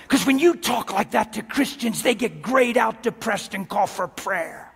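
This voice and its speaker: A man preaching an animated sermon to a crowd, acting out voices along the way. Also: sits high, unhurried, vocal fry, few pauses, breathy edge, big-room sound. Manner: animated, exhorting, acts out voices. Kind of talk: lively sermon with acted skits.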